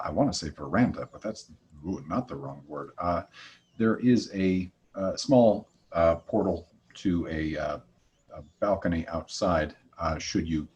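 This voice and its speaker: A man doing a halting, helpful temple keeper. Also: deep voice, husky, full character voice. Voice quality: halting, full of uhs. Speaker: player voicing a character.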